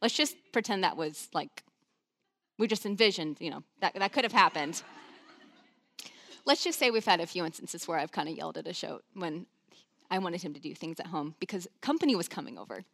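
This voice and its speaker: A woman preacher giving a chatty, conversational sermon, animated and full of asides. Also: fairly low pitch, a little fast.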